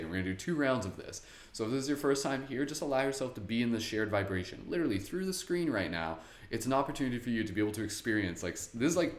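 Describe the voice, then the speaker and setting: A man hosting a live-streamed guided meditation in a casual, chatty way, laughing often. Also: lowish voice. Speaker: meditation host. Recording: echoey room.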